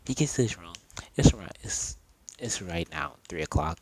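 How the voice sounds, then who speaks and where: A man's voice: sits low, animated, moderate pace, a little mellow, low-quality recording. A man improvising and narrating a fan story while gaming, rambling and correcting himself often.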